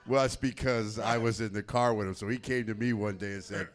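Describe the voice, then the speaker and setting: A man's voice: medium pitch, brisk, hardly any pauses. A man on a convention panel telling a laid-back story and laughing as he goes. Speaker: wrestler panelist.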